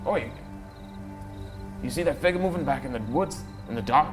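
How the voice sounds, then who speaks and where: Guy putting on a gruff pushy merchant, nosy and suspicious, higher and louder than his own voice, music behind. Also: normal speed, close to an everyday voice.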